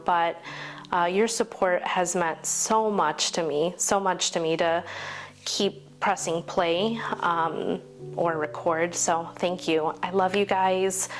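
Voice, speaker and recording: A woman in her forties chatting casually to camera as a vlogger, rambling and heartfelt, laughing often and getting teary. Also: lowish voice. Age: 40s. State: teary, emotional.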